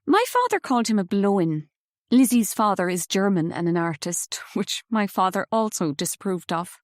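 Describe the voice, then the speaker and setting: A woman voicing a brisk, chirpy middle-aged aunt with a bright, gentle voice. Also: medium pitch, big pitch swings, no echo, studio quality, lightly acted.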